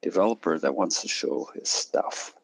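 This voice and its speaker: Lively, gravelly co-host, playful. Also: male voice, sits low, normal speed, poor audio. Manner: playful, teasing. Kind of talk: casual chat.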